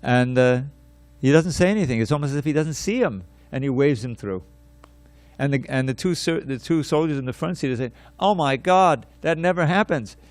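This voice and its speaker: A man giving a scripture class, telling a story in an animated way, repeating words and restarting his sentences. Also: medium pitch, a little fast, dry recording.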